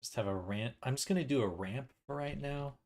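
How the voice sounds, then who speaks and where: A man's voice: medium pitch, a little fast, darkish tone. A man streaming casually, muttering to himself as he works on a building project. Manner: muttering to himself while working. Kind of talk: casual livestream chat.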